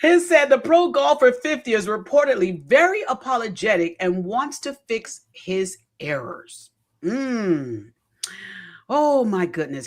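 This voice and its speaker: A woman hosting a casual talk radio show, animatedly reading out news stories and reacting to them. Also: medium pitch. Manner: animated, reads headlines and reacts.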